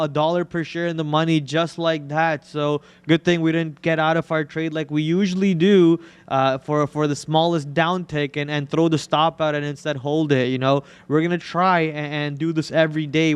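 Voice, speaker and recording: Male trading-show host, smooth, somewhat high voice, loose joking delivery with restarts. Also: no room sound. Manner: joking, rambling, repeats words. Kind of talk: casual live trading chat.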